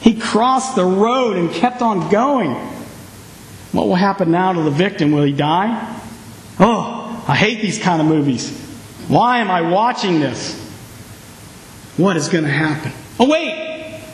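Male preacher, high voice, lively storytelling sermon, echoey hall. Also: measured pace, pauses often. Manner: animated storytelling, acting out reactions. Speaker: pastor.

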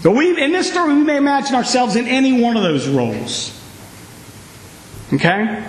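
A man preaching a sermon, telling the story with lively, acted-out reactions. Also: very high-pitched, moderate pace, pauses often. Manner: animated storytelling, acting out reactions. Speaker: pastor. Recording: echoey hall.

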